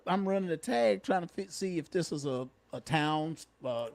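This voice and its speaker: A man with a slightly high voice tells patrol stories in easy, folksy slang, chuckling along as he goes. The recording is dry and close-miked. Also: expressive, moderate pace, gravelly, a little mellow, no echo. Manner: folksy, Southern-flavored slang, chuckles at his own stories. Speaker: podcast co-host, retired police officer turned comedian. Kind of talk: casual storytelling chat.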